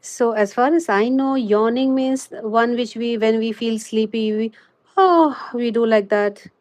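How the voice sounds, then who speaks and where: A woman's voice: fairly high pitch, level tone, darkish tone, no room sound. Chatty woman streaming a crochet lesson. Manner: chatty, fills pauses with "you know". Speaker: crochet livestreamer. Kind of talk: live crochet tutorial and chat.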